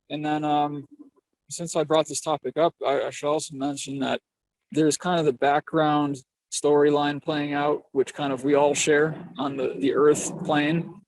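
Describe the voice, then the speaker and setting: A man's voice: on the high side, a little mellow, dry recording, poor audio. A man teaching astrology as a guest, explaining his ideas in a thoughtful, casual way. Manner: thoughtful, with frequent fillers and restarts.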